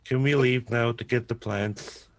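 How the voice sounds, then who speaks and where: A man voicing an earnest android crewman in a tabletop role-play, measured, soft-spoken and literal. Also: medium pitch, steady tone, no room sound, natural voice. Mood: calm.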